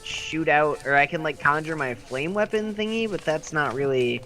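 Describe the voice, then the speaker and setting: A man's voice: on the high side, moderate pace, bright, forceful tone, faint music behind. A man playing a tabletop game, asking questions hesitantly with many fillers. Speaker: player. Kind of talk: casual tabletop game chat.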